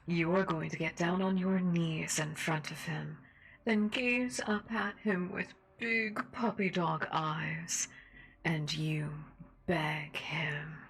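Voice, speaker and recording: A woman voicing a cruel, manipulative female radio call-in host in a slow, domineering whispered role-play. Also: on the low side, breathy edge, full character voice, poor audio.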